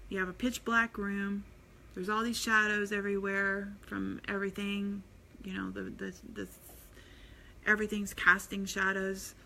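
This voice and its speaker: Bright-voiced woman giving spiritual talk. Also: medium pitch, creaky, a little hiss or hum. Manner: rambling, many fillers and restarts, earnest. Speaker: spiritual vlogger. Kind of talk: casual inspirational talk.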